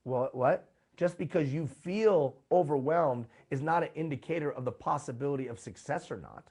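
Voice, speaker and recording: A man's voice: on the high side, normal speed, mellow, husky. A man presenting a live workshop, talking emphatically and putting rhetorical questions to his audience. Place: live event room.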